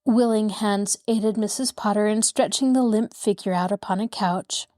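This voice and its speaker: A woman narrating a classic mystery novel aloud in a steady storytelling voice. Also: mid-range voice, normal speed. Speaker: audiobook narrator. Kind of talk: scripted narration.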